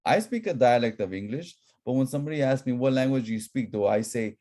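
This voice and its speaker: A man's voice: mid-range voice, animated, quick pace, warm tone. A man from Southern California with a local accent, teaching an online class in a casual, chatty way and often repeating himself. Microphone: laptop microphone.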